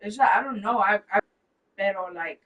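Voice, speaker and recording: A woman's voice: mid-range voice, moderate pace, a bit bright, far from the mic, lo-fi sound. Young woman, casual stream host, profane, Spanish words mixed in, a bit off-mic. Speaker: livestream host. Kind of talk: casual chat, storytelling. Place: at home, apartment.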